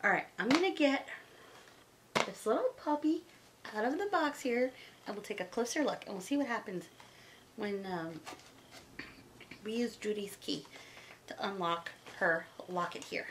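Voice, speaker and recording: A woman reviewing toys at home, gushing and excitable in a casual chat. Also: mid-range voice, normal speed, pauses often, background noise. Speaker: toy reviewer.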